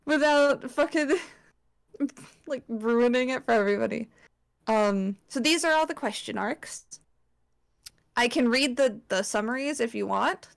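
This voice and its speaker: Young woman w/ a raspy fry voice, chatty and sweary, lots of likes and ums. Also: on the high side, measured pace, pauses often. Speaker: presenter at a slideshow party. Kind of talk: casual chat presentation.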